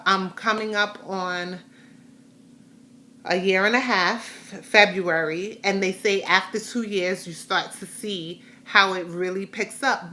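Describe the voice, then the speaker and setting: A woman's voice: medium pitch, bright, forceful tone. A middle-aged woman chatting casually in a rambling, heartfelt way while giving a personal health update to her viewers. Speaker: vlogger sharing a health update.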